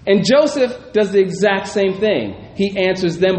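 High-voiced man teaching in a roomy hall. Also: moderate pace, few pauses. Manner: reads scripture, then muses aloud with frequent "right?" asides. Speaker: pastor. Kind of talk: conversational Bible teaching. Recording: roomy echo, faint background noise.

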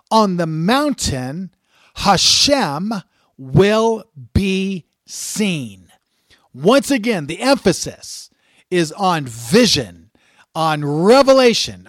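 A man giving a sermon-style scripture lesson in a fairly high voice, pressing hard on key words and repeating them for weight. He reads passages aloud between frequent "uh" fillers. The sound is dry and close, with no room around it. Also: no room sound. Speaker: Bible teacher.

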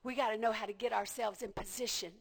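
A woman preacher delivering a passionate sermon, repeating phrases and building to shouts. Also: fairly high pitch, steady tone, quick pace, vocal fry, husky.

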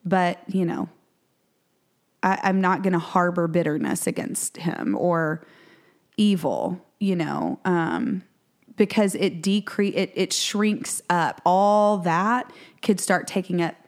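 A woman in her forties telling a story in casual chat as a podcast co-host, acting out quotes with lively jumps in pitch. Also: slow.

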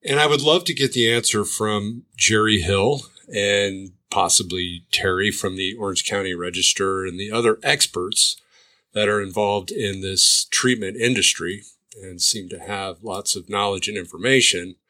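A man's voice: lowish voice, fairly even intonation, normal speed, bright, forceful tone. A man who runs a treatment program, giving a pointed monologue full of sarcastic rhetorical questions. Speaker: addiction treatment provider. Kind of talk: commentary monologue.

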